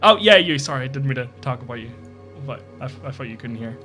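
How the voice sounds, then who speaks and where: Brash pirate captain, cocky and threatening, mid-pitched voice, faint music behind, voiced by a man. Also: animated, fast, bright, forceful tone. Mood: boastful.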